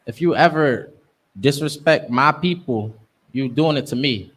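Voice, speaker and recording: A man's voice: medium pitch, measured pace, fairly bright tone, slightly rough. A young man teaching a scripture class, preaching emphatically in street slang. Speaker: class instructor.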